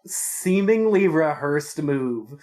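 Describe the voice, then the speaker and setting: Woman player, low and unhurried, relaxed rambling chat. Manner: laid-back, rambling. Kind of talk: casual tabletop game chat.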